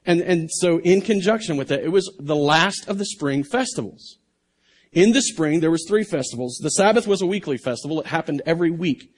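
Fairly high-voiced man preaching a sermon. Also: expressive, brisk. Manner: reads scripture aloud, then explains it conversationally with repeats and restarts. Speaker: pastor. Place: church stage under bright lights.

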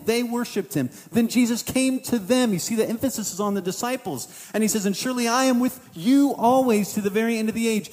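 A man's voice: sits high, a little mellow, in a large hall. A man preaching a sermon as pastor, casual and conversational, voicing what the disciples might have thought.

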